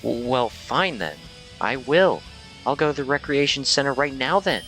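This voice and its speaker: Man doing a nervous young woman student, stammering, timid, raised voice, bright tone. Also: mid-range voice, lively intonation, normal speed, soft background music, voice pushed up, low-quality recording.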